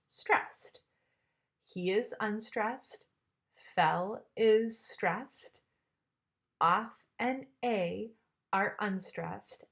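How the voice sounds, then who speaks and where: A woman's voice: medium pitch, a bit bright. A woman teacher giving a classroom tutorial, explaining patiently with some fillers.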